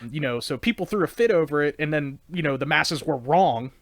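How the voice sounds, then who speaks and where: A man's voice: fairly high pitch, expressive, brisk, dry recording. A man hosting a podcast interview, rambling casually with lots of fillers. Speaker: podcast host. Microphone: own recorder.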